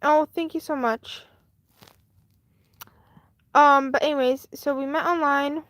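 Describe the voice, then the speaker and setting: A woman chats on a live stream in a slightly higher voice, rambling through a personal story with plenty of fillers and restarts. The sound is close and dry, with no room echo. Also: steady tone, takes it slowly, a bit bright. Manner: chatty and candid.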